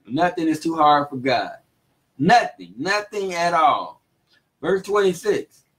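A man teaching the Bible in a relaxed, casual way, reading verses and retelling them in everyday speech with frequent chuckles. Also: a little high, takes it slowly, low-quality recording.

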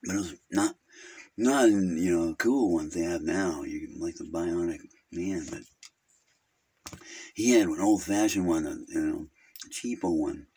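A man's voice: low voice, measured pace, warm tone, husky. A man playing a rambling, gossipy male Jehovah's Witness who halts, hums and giggles at his own crude jokes in an improvised comedy monologue.

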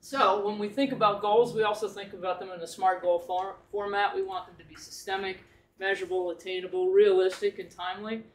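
A man gives a formal presentation to a meeting, explaining each point, rephrasing himself, and posing questions to the room. His voice sits high for a man. He is picked up from a distance in an echoey meeting room. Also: steady tone, brisk. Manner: explanatory, rephrasing and self-correcting, with rhetorical questions. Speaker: school administrator presenting a plan.

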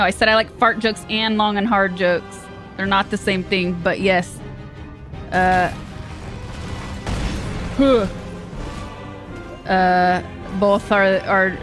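A woman in her thirties streaming a video game, joking and shouting out in surprise as she plays. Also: mid-range voice, slow pace, pauses often. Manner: playful, jokey, excitable exclamations. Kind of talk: live gameplay commentary. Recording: streamer mic with loud game music.

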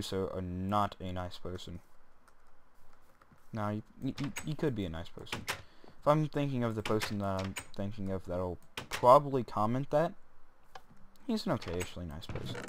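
A young man rambling goofily as he comments on his gameplay, joking at his own expense and talking straight to his viewers, his voice jumping up high when he gets excited. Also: normal speed, slight background noise. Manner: goofy, self-mocking, talks to viewers, voice jumps up when excited. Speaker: gaming channel host.

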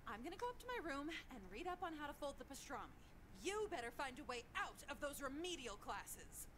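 A woman voicing a self-absorbed divorced mother in a game, chirpy and turning shrill when crossed. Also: big pitch swings, normal speed, background noise. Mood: exasperated. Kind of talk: game voice acting.

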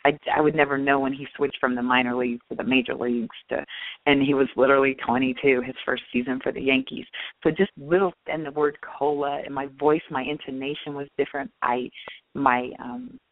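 Guest, woman from California, animated storyteller who restarts her sentences a lot; dry, phone-line sound. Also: rumbling low, fairly quick, creaky, no room sound. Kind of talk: casual interview talk.

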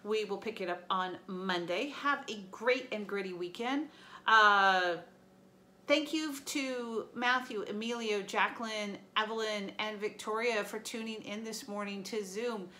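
A woman's voice: medium pitch, a little slow, sharp tone. A woman teacher reading a novel aloud to her class online, with an upbeat, encouraging sign-off.

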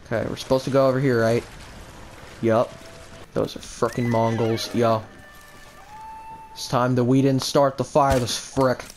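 A young man commenting on his own gameplay, excitable and full of mild stand-in swears as he trash-talks enemies. His voice sits at a middle pitch, with a faint hiss of noise behind it. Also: a little slow, pauses often. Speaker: gaming channel host.

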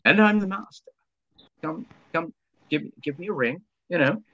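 A man doing a put-on English accent as a theatrical, time-travelling gentleman, hammy and playful. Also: fairly high pitch, animated, normal speed, muffled recording, voice pushed up.

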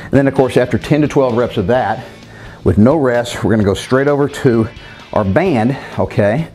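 A man's voice: medium pitch, normal speed, darkish tone, soft background music. A man coaching a home workout, explaining the exercises directly to viewers and calling them guys. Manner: coaching, addresses viewers as guys, counts reps aloud. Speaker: fitness coach. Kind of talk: workout instruction.

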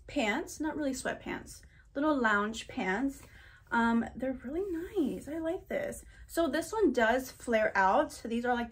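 Chatty, gushing young woman vlogger. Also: fairly high pitch. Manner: chatty and gushing, says freaking and oh my gosh a lot. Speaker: vlogger doing a try-on haul. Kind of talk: casual chat to camera.

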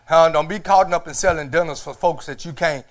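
High-pitched preacher man in a church, gets loud n shouty, keeps tossing "huh?" at the crowd. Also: a little fast. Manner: preaching with rising shouts and call-outs of "Huh?". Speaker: pastor. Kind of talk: sermon.

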